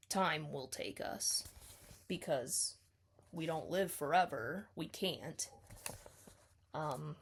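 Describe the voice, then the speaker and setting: Slow, gravelly-voiced woman explaining a poem. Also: sits low. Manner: tentative, many ums, self-correcting. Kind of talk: casual spoken poetry analysis.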